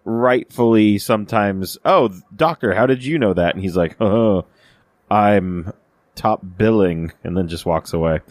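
A man's voice: on the low side, expressive, normal speed, hardly any pauses, no echo, clean studio sound. A man co-hosting a podcast, chatting casually about a TV episode, with lots of fillers and restarts. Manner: rambling, many fillers and restarts, acts out quoted lines. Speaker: podcast co-host. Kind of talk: casual chat reviewing a TV episode.

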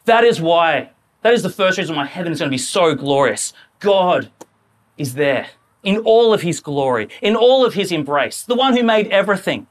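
A man preaching a sermon in a church, talking in a lively, conversational way and acting out quoted voices. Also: high-pitched, moderate pace.

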